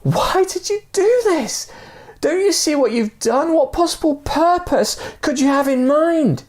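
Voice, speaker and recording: A man voicing a desperate man on a bridge, shouting pleas and protests down to a stranger. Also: extremely high pitch, animated, a little slow, pitched above the performer's own voice. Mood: shouting, exasperated.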